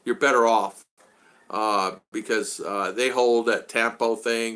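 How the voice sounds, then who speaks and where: A man chatting casually to his live-stream audience, with a bright, forceful voice. He rambles with lots of "uh"s and restarts and stops to greet viewers by name. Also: lowish voice, steady tone, takes it slowly. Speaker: vlogger hosting a live stream.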